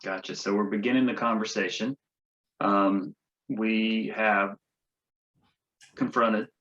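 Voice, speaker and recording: Man host, lowish voice, hesitant, muffled lo-fi sound. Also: fairly even intonation, slow, a bit bright. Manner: hesitant, many fillers and restarts. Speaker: chiropractor host. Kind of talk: interview conversation. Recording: dull lo-fi audio.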